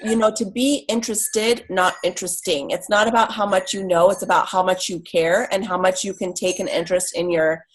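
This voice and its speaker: A woman's voice: fairly low pitch, steady tone, fairly quick, few pauses, poor audio. A woman team leader giving earnest, direct advice on a call. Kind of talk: casual advice.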